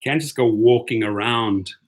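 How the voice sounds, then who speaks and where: A man's voice: medium pitch, measured pace. A middle-aged man with a South African accent, hosting a casual live stream and cheerfully greeting viewers by name. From born in the United States, raised in Europe and South Africa. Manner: chatty, upbeat, greets viewers by name, sings snatches of songs. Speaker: livestream host reading viewer comments.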